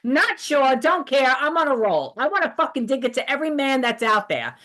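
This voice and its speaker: A woman hosting a podcast, ranting in a heated, profane, animated way in casual chat. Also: high voice, brisk. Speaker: podcast host.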